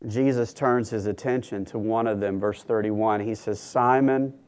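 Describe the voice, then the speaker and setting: A man preaching a sermon in a measured, earnest way, with dramatic pauses. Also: fairly low pitch, steady tone, a little mellow.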